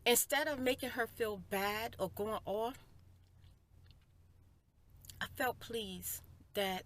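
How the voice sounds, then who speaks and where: A middle-aged woman in a soft-spoken personal storytime, heartfelt and spiritual, talking to viewers as "you guys" and "y'all" on a close mic indoors. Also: a little high, measured pace, pauses often, a little hiss or hum. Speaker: ASMR storyteller. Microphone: close mic for eating sounds.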